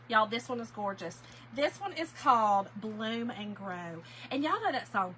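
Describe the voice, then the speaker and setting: A woman's voice: on the high side, lively intonation, unhurried, sharp tone, a little hiss or hum, low-quality recording. A chatty, effusive woman, hosting a casual live sale stream and thanking viewers by name. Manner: gets emotional and laughs easily. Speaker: host of a live craft-supply sale. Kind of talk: casual livestream chat.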